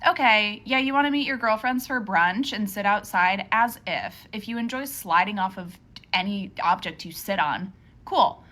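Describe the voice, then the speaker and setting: A woman rants to the camera, sarcastic and exasperated, her voice at an ordinary middle pitch. She sounds fed up in a wry, joking way. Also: normal speed, bright, forceful tone. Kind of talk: comic rant to camera.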